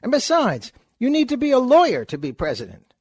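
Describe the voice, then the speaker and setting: A man voicing a sly, fast-talking con man who trades in sardonic wisecracks. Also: very high-pitched, huge pitch swings, a little mellow, husky, no room sound, clean studio sound, pitched above the performer's own voice, heavily acted. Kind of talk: comic reading with voices.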